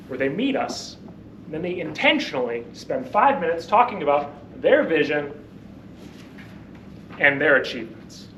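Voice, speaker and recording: A man's voice: on the high side, fairly bright tone, muffled recording, a little hiss or hum. A man giving a confident impromptu club speech that poses questions to the audience. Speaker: table topics speaker. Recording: echoey room, mic far off.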